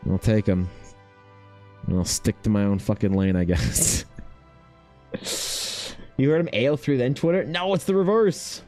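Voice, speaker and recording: Man, art streamer, casual chat, mellow tone, faint music underneath. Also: mid-range voice, unhurried, pauses often. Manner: rambling, profane, self-mocking. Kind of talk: casual chat while drawing.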